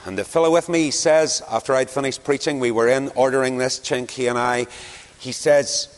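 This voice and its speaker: A man's voice: mid-range voice, fairly quick. A man from Northern Ireland with a Northern Irish accent, preaching a sermon and telling stories from his own encounters. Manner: storytelling with anecdotes, animated swings. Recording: long reverb in a hall.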